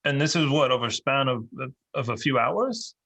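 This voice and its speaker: Husky-voiced hesitant man at a game table. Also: medium pitch, animated, moderate pace, pushed and bright. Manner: hesitant, full of fillers, wry. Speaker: player. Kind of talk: in-character tabletop play.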